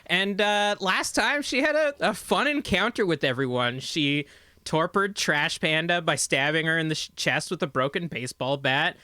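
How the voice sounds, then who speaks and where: A man's voice: on the high side, moderate pace, pushed and bright, dry recording, clean studio sound. A man introducing his character as a player in a tabletop game, joking and laughing between phrases. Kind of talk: casual live-stream chat.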